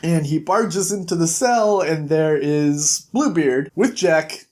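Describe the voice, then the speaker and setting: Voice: mid-range voice, lively intonation, slow, darkish tone. A reviewer casually recapping a comic issue, retelling scenes and reading out quoted lines.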